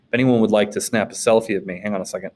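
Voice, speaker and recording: A man's voice: on the low side, steady tone, racing, darkish tone. A man from Wisconsin, a teacher, recapping the day's lesson in a casual way, with joking asides and frequent "okay?" check-ins. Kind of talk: recorded class recap lecture.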